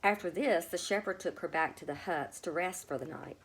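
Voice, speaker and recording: A woman reading a children's storybook aloud, with a gentle, expressive manner. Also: on the low side, a little fast, breathy edge. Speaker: storybook reader. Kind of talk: storybook read-aloud narration.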